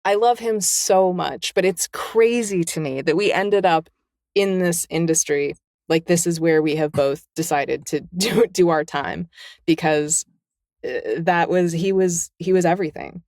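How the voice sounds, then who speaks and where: A woman's voice: lowish voice, a little slow, no echo, clean studio sound. A middle-aged woman, a guest narrator and novelist, telling stories in a candid podcast chat and acting out the quotes. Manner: animated storyteller who acts out quotes.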